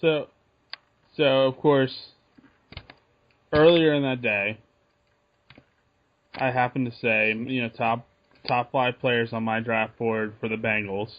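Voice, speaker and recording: A man co-hosting a sports podcast, talking through his picks in a relaxed way. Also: mid-range voice, takes it slowly, long pauses. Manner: relaxed, thinking aloud with restarts. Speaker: podcast co-host. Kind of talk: casual sports podcast chat. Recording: muffled lo-fi sound.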